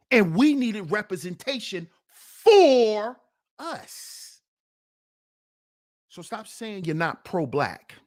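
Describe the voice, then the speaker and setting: A man hosting a livestream, preaching in fired-up commentary with rhetorical questions, swinging between loud challenges and sarcastic muttering. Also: fairly high pitch. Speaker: livestream host.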